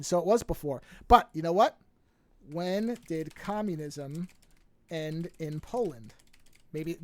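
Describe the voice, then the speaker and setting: A man hosting a podcast in casual chat, retelling a movie plot with lively acted-out lines and frequent swearing. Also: a little high, no room sound. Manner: animated storyteller, acts out movie characters, swears freely. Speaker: podcast host.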